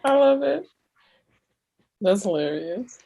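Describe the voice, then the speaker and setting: A woman in a casual book chat, giving relaxed, brief reactions. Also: mid-range voice, slow pace, creaky. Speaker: book reviewer.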